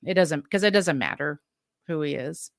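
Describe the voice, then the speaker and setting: A woman's voice: deep voice, normal speed, vocal fry, no echo, clean studio sound. A woman in her fifties, a podcast guest telling her personal story candidly, frank and emphatic, laughing between points.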